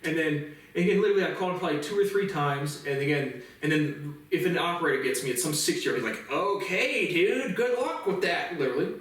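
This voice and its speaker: A man in a profane, agitated ranting monologue, stacking up "literally" again and again. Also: a little high. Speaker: vlogger. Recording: echoey room, speaker far from mic.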